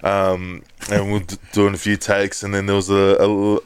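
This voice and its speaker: A man's voice: completely flat delivery, moderate pace, smooth. A man from the Pacific Islands co-hosting a podcast, telling stories in casual chat, swearing and mimicking people in a raised voice. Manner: storytelling, swears, mimics others in high voices. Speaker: podcast co-host.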